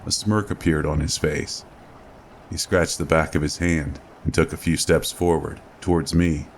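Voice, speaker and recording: A man narrating a horror story in a slow, measured reading. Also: extremely low pitch, steady tone, a little hiss or hum. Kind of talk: scripted narration.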